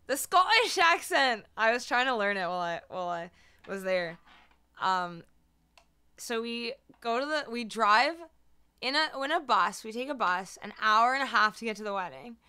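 A woman's voice: a little high, expressive, moderate pace, bright, forceful tone, clean tone. A woman musician livestreaming, chatting casually and bubbly with her viewers, a little tired and her voice not at full strength. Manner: bubbly, laughing, talking to chat.

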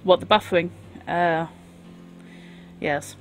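A woman's voice: on the low side, slow pace, faint music behind. A woman streaming a game, chatting casually and wryly over the gameplay. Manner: wry and chatty. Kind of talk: casual live game commentary.

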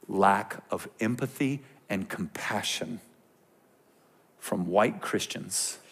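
A man in his thirties preaching to a youth group, swinging between quiet explanation and passionate ranting with jokes aimed at the crowd. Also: fairly low pitch, gravelly. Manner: impassioned, ranting and joking with the crowd. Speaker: youth pastor. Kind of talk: sermon.

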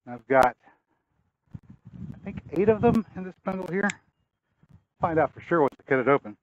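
Breathy folksy man planting in his yard. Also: fairly high pitch, animated, normal speed, muffled recording, a little hiss or hum. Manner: folksy, thinking aloud while working. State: a little out of breath. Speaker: gardening channel host. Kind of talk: casual outdoor garden vlog. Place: outdoors in a yard.

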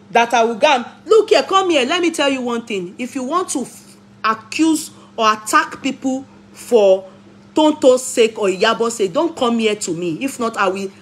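Nigerian woman, high voice, argumentative vlogger, rhetorical questions, phone mic. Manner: argumentative, fires rhetorical questions, scolds commenters. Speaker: vlogger and commentator. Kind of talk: opinionated commentary vlog.

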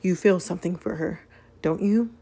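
A woman's voice: lowish voice, normal speed, dark tone, husky. A woman voicing a stern, defensive middle-aged mother in a story game, speaking in a cool, probing way.

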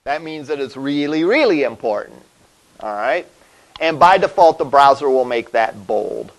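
A man's voice: mid-range voice, animated, moderate pace, poor audio. A male college instructor giving a classroom lecture, explaining step by step and often checking in with "all right?". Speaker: college web development instructor.

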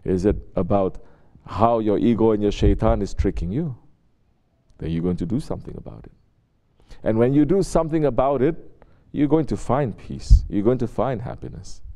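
Speaking at a moderate pace in a warm, fairly low voice, a Sufi sheikh gives a spiritual sermon. He talks to listeners conversationally, acting out quotes and throwing out rhetorical questions.

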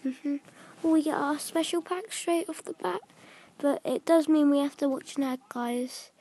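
A woman giving casual commentary while opening card packs in a video game, often dropping into soft whispers and stumbling over names. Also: high voice, measured pace. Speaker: gaming video creator.

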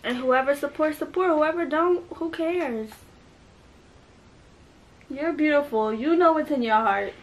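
A teenage girl speaking in a quick, encouraging, emphatic way in a casual home video. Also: high-pitched, rough recording. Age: teens. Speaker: twin sister. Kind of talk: supportive casual talk.

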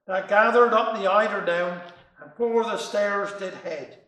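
A man's voice: high voice, slow pace, a bit bright, echoey room, poor audio. Cornish man reciting comic verse. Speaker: dialect storyteller. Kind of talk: humorous dialect recitation.

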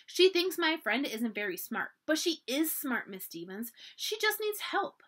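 A woman's voice: sits high, sing-song, unhurried, a bit bright, pitched above the performer's own voice, heavily acted. A woman reading aloud as a spirited young girl from long ago, eager and firm with her friends. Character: earnest, spirited young girl, Edwardian era.

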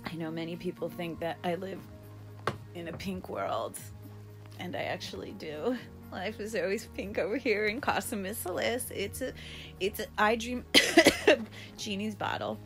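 A young woman hosting a casual livestream from home, chatting to viewers in a rambling, expressive way with lots of fillers. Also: mid-range voice, unhurried, soft background music. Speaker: livestream host. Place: at home, indoors.

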